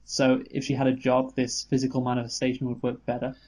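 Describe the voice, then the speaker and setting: A man with a mid-pitched, ordinary voice talks a film over in a relaxed podcast chat. His replies are dry, offhand and often brief. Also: fast. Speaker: podcast co-host. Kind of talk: casual film review chat.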